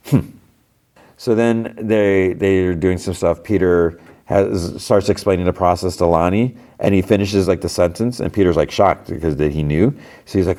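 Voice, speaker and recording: Deep-voiced man recapping casually. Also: moderate pace, mellow. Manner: rambling, conversational, many fillers and restarts. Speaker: podcast host.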